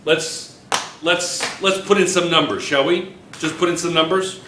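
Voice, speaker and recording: A man's voice: fairly high pitch, fairly even intonation, a little slow, reverberant, noisy background. A male chemistry teacher lecturing a classroom, firing questions at students and repeating key points.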